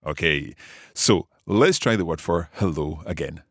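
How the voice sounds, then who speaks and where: A man's voice: low voice, a little slow, fairly bright tone, no echo, studio quality. A middle-aged man hosting a language lesson podcast, curious and good-humoured, asking lots of questions. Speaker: podcast host and learner. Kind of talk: scripted language lesson chat.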